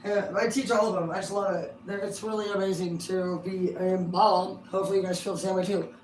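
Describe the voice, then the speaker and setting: A middle-aged woman giving a casual, rambling tarot reading on a livestream. She talks excitably and swears constantly. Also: mid-range voice, brisk. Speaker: tarot card reader. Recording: roomy sound from a distance, faint hum.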